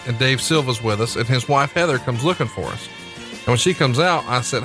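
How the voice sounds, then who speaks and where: A man's voice: mid-range voice, a little fast, music in the background. A man co-hosting a podcast, reading an ad in a brash, crude, joking way. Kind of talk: casual podcast ad read.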